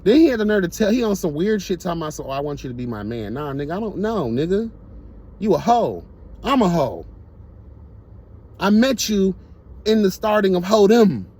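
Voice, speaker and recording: A man's voice: sits high, sing-song, moderate pace, pauses often, darkish tone, breathy edge. A man telling a casual storytime monologue to his viewers, blunt, profane and emphatic. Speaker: storyteller vlogger.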